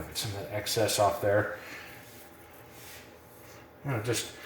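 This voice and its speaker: A man gives a relaxed, rambling how-to lesson in a kitchen, full of fillers and asides. He sounds a little out of breath. The room is echoey around his mid-pitched voice. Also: slight background noise. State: a bit out of breath. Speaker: cooking instructor. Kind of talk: casual how-to demonstration.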